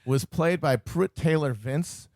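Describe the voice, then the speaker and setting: Sardonic ranting man, slightly high voice. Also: darkish tone, no room sound, studio quality. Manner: sardonic, ranting, quick asides. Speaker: podcast co-host. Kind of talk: casual podcast banter.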